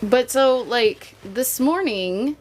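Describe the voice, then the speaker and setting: A woman livestreaming, talking straight to her viewers in a slightly high voice. She is candid and jokey and drops the odd swear word. A faint noise sits under her voice. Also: lively intonation, takes it slowly. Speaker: mother. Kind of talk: casual live-stream chat.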